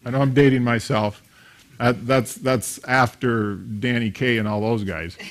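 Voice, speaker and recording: A man's voice: medium pitch, fairly even intonation, a little slow. A man in his fifties preaching a sermon, telling stories and acting out the voices of the people in them. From grew up attending a small country church. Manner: storytelling, acts out voices in anecdotes. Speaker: pastor.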